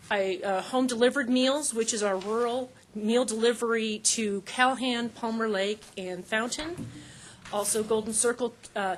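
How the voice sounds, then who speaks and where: A woman, a nutrition services manager, giving a presentation at a council meeting in a halting way with many fillers and restarts. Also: medium pitch. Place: meeting room.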